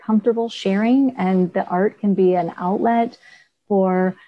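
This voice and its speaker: A woman artist on a video coaching call, telling her story in an earnest, animated way. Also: mid-range voice, a little slow, muffled recording.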